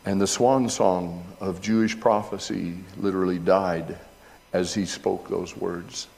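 Lower-voiced middle-aged male pastor preaching. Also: fairly even intonation, unhurried, vocal fry, long reverb tail. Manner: builds to loud, high-pitched emphasis when retelling scenes; reads aloud from an old essay between remarks. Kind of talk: sermon.

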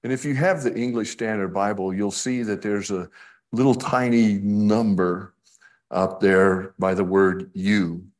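A man's voice: fairly low pitch, fairly even intonation, measured pace, darkish tone. A man preaching a sermon in a conversational way, acting out the scripture he quotes.

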